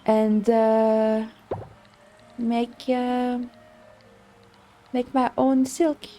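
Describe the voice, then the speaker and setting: A woman's voice: fairly high pitch, little pitch movement, drawn-out words, mellow. A woman streaming a game live, chatting casually and thinking aloud, rambling with many fillers and restarts. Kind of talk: casual live-stream chat while gaming.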